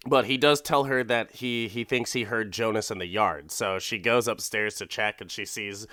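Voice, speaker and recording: A man's voice: lowish voice, moderate pace, few pauses, pushed and bright, dry recording, studio quality. A man hosting a comedy podcast, recapping an episode in a loose, laughing, profane style and putting on voices for the characters. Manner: laughing, swearing, acts out characters in put-on voices. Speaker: podcast host.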